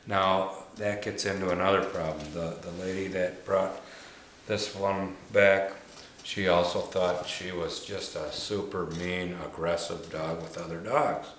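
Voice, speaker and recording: A man who trains dogs, talking through a demonstration in a folksy way, repeating himself and saying "you know" often, with soft murmurs to the dog. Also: low-pitched, level tone, measured pace. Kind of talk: casual hands-on demonstration. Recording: echoey room with faint ambient noise.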